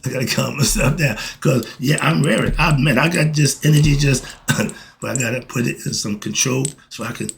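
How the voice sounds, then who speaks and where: Hosting an informal spiritual discussion, this middle-aged man sounds preachy and eager, raising his own questions and responding to them. His energy rises into fervent outbursts, then settles into quieter moments. The voice is mid-range and creaky, at a moderate pace.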